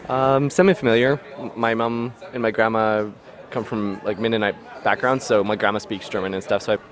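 A man's voice: fairly low pitch, steady tone, brisk, some chatter behind. Hesitant man answering on the street. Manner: hesitant, laughing casual chat. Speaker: passer-by interviewee.

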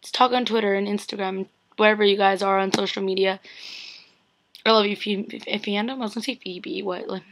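A woman's voice: mid-range voice, steady tone, a little fast. A young woman vlogging to her fans, tearful and rambling, often near crying and filling her speech with "like". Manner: tearful, rambling, full of "like" fillers. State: teary, on the verge of crying. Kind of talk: emotional casual vlog.

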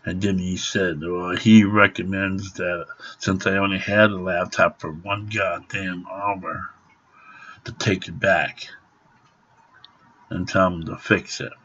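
Husky, profane ranting man. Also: sits low, level tone, slow, fairly bright tone. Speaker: vlogger. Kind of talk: angry rant to camera. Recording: dull lo-fi home recording.

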